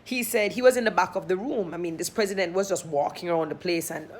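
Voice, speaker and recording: A young woman with a Jamaican accent, hosting and telling a personal story in a casual, animated way, acting out her thoughts and other people's lines. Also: on the low side, fast talker. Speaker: host.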